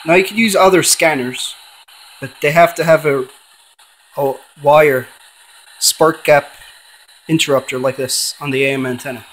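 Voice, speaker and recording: A man hosting a ghost-hunting vlog, calling out repeatedly to spirits and then lecturing insistently in drawn-out, emphatic explanations. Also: fairly high pitch, fairly bright tone, slight background noise, low-quality recording. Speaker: paranormal channel host.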